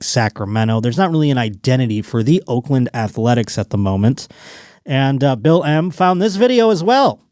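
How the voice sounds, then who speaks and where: A man hosting a comedic podcast alone, riffing in an animated, profane way and slipping into mock voices. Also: mid-range voice, no room sound, studio quality. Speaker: podcast host.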